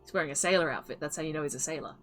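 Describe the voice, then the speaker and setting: A woman's voice: deep voice, rapid-fire, soft background music. A woman narrating as game master of a tabletop game, describing scenes loosely with many fillers and asides.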